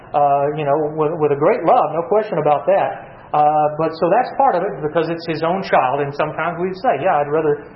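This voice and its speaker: Male Bible teacher, high-ish voice, dramatic scripture reading, muffled recording. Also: echoey room, slight background noise. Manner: reads scripture aloud with dramatic emphasis, repeats words. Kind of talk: Bible study teaching with class questions.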